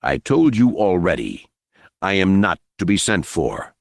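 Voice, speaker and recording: A man's voice: low voice, big pitch swings, unhurried, gravelly, no echo, clean studio sound, full character voice. Man doing a cool, stern warrior general. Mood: stern calm. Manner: clipped, controlled, cool. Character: calm stern commanding male warrior general.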